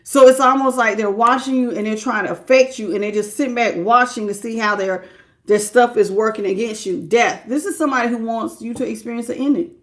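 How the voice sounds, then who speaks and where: Woman, tarot reader on a live stream, a little high in pitch, conversational, breaks off to greet her chat. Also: a little fast. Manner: conversational, thinking aloud, interrupts herself to welcome viewers by name; warm and familiar with viewers.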